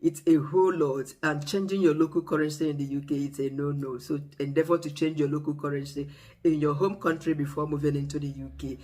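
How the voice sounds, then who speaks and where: A vlogger with a Nigerian accent talking casually to camera, telling stories in a lively, expressive way. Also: medium pitch, fairly quick. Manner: expressive, animated storyteller.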